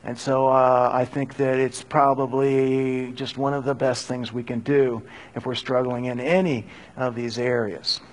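A man's voice: mid-range voice, measured pace, hardly any pauses. An older man preaching a sermon to a live congregation in a conversational way, rising into urgent bursts. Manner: conversational, animated bursts when urging. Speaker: pastor. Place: church hall before a live audience.

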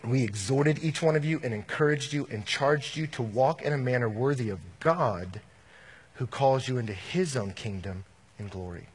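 A man preaching a sermon as pastor, animated, shifting from loud bursts to hushed, earnest lines. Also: mid-range voice, moderate pace, breathy edge.

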